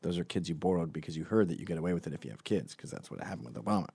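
Speaking rapid-fire in a low, warm voice with vocal fry and a breathy edge, this middle-aged man hosts a commentary show. His comedic opinion monologue is sardonic and profane, and he frequently mocks people with put-on voices. There's no room sound.

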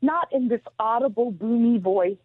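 A woman's voice: on the high side, no room sound. Emotional woman on a tinny phone line. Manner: emotional, halting, repeats herself. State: close to tears. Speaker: guest on a radio show. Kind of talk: interview answers by phone.

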